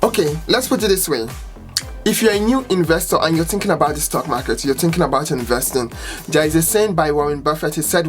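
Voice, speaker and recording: A young woman chatting in a casual finance vlog, lively and exclamatory as she acts out her own reactions. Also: sits low, fast, faint music behind. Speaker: finance vlogger.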